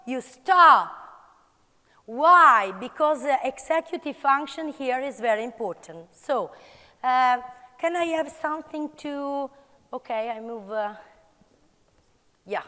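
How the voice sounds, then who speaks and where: Woman, Italian accent, conference workshop leader, energetic calls, reverberant hall. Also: sits high, takes it slowly, long pauses. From Italy. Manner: energetic, calls out commands to the audience. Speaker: conference speaker. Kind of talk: live workshop demonstration.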